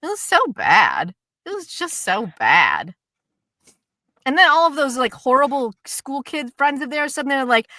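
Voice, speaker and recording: A woman's voice: sits high, normal speed, dry recording, clean studio sound. A woman co-hosting a casual chat show, ranting animatedly about a drama and acting out its scenes. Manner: animated, ranty, swears, acts out scenes. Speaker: co-host.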